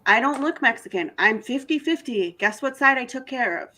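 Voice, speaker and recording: A woman's voice: on the high side, expressive, moderate pace, bright, forceful tone, poor audio. A woman in a casual panel discussion, earnestly telling personal stories with frequent restarts.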